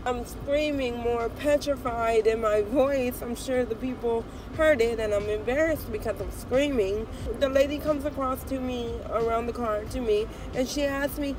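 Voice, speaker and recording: A young woman and mom telling a lively story in a casual vlog, with an African American English accent. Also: fairly high pitch, normal speed, hardly any pauses, background noise. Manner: animated, excitable storytelling. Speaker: vlogger, mom.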